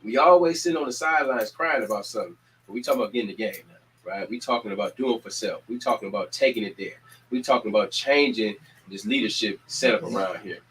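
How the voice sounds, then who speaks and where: Energetic man rallying his community. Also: on the low side, quick pace, slight background noise, low-quality recording. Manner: preacher-like repetition, energetic calls to action. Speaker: community organizer and show host. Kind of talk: casual community announcements.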